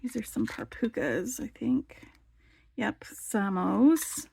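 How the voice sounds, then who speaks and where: A woman's voice: medium pitch, big pitch swings, takes it slowly, creaky, darkish tone, slightly rough. A woman hosting a casual show-and-tell vlog, chatty and enthusiastic, with lots of "like" fillers. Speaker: beading channel host.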